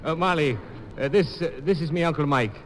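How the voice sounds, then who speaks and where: A man's voice: on the high side, brisk, slight background noise, natural voice. An actor playing a hot-headed young Irish railroad man, earnest and ardent, in 1940s radio acting. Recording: old radio broadcast with long reverb.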